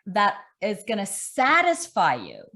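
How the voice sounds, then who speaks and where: A middle-aged woman fitness coach, talking in an animated, emphatic way with lots of repetition during an online interview. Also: mid-range voice, a little slow.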